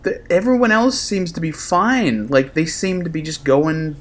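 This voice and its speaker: A man co-hosting a casual podcast, ranting in an animated way and laughing often. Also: on the high side, normal speed. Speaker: podcast co-host.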